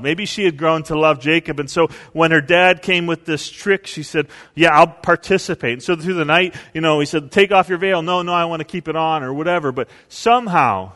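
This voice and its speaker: Animated pastor with a slightly high voice. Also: male voice, big-room sound. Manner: storytelling, acts out quotes with big swings in pitch and volume. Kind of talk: sermon.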